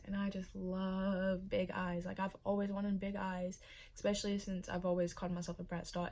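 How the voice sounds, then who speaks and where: A woman's voice: lowish voice, a little mellow. A young pregnant woman chatting casually in a vlog, emotional and full of fillers. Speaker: vlogger.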